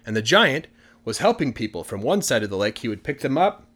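A man's voice: mid-range voice, very animated, a little fast, a bit bright. A man telling a fairy tale in a casual, chatty way, dropping in fillers like "you know" and "like". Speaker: storyteller. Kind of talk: casual storytelling for English listening practice.

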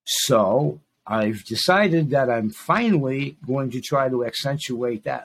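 A man in his sixties hosting his own podcast, talking in an emphatic, rambling monologue that repeats phrases for stress. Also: medium pitch. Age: 60s. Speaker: podcast host. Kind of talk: casual monologue.

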